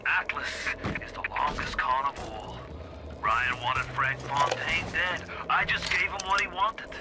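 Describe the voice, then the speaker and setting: A man's voice: a little high, measured pace. An actor playing a scheming adult male con man and crime boss in a video game, who slips between accents in a smug, theatrical way. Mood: smug gloating. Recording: game audio with loud noise.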